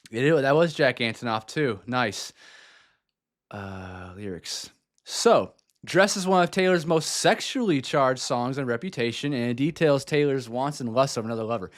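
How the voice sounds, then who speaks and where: A man hosting a music reaction video, talking enthusiastically and casually, thinking aloud with fillers. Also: on the high side.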